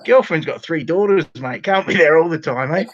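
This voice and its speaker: Australian guy, high voice, rowdy and profane, dull lo-fi call audio; show regular on a video call. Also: fairly quick. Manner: loud, rowdy, swears freely. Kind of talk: casual video call chat. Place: bedroom at home.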